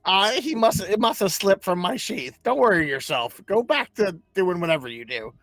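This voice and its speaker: A man's voice: high voice, expressive, normal speed, fairly bright tone, no room sound. A man playing his character in a tabletop game, brash and swearing. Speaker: player.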